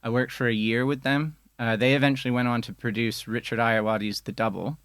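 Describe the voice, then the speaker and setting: A man chats as a podcast guest, unhurried and full of little fillers. His voice sits in a middle register and is recorded close and dry, with no room sound. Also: medium pitch, dry recording. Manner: relaxed storyteller, many fillers. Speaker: podcast guest, film editor. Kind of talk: casual studio chat. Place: studio.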